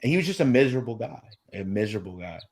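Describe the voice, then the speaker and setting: Man with lively, swinging intonation. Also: medium pitch, rapid-fire. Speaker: guest. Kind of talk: casual video chat.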